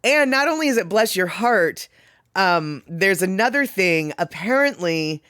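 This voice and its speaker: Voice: mid-range voice, sing-song, unhurried, a bit bright, clear, resonant tone, dry recording, clean studio sound. A livestream host in their fifties chatting casually with viewers and reading chat, rambling along and laughing often.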